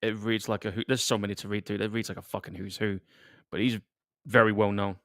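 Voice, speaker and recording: A man's voice: on the low side, flat delivery, fast, fairly bright tone, dry recording, studio quality. A man from England, co-hosting casual live movie commentary, laid-back, chuckling and swearing casually. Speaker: co-host.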